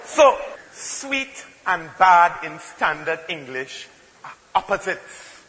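Trinidadian guy doing standup, really high sharp voice, big hall echo. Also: very animated, takes it slowly. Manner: emphatic, playful storytelling. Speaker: stand-up comedian. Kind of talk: stand-up comedy routine. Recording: hall reverb, faint ambient noise.

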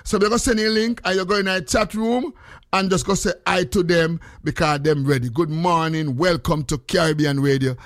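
A man with a Jamaican accent hosting a casual chat, telling stories in an animated way and slipping into patois. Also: a little high, brisk, dry recording, clean studio sound. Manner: animated storyteller, mixes in patois.

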